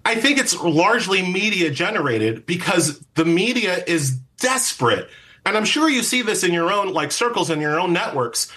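A man speaking as an interview guest, emphatic and quick, with many fillers and restarts. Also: high-pitched, big pitch swings, pushed and bright. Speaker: legal commentator guest. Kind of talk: political interview.

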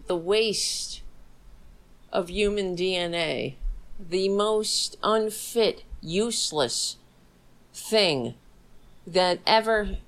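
Middle-aged female host, scornful sarcastic ranter, slow and deliberate delivery. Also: mid-range voice. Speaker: livestream host. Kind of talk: angry political commentary.

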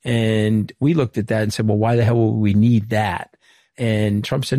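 With a lowish, mellow voice, fairly even intonation and a normal speed, a middle-aged Long Island native tells interview stories openly and reenacts dialogue. He is a former White House communications director. The studio sound is clean and echo-free.

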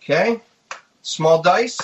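A man, a guest chef, giving a relaxed step-by-step cooking demonstration. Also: high-pitched, takes it slowly, muffled recording, noisy background. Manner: easygoing, step-by-step explaining.

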